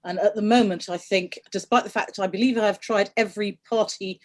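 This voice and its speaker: A woman's voice: mid-range voice, fairly even intonation, a little fast. A woman speaking on an online panel, chatty, teasing and opinionated. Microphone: video call.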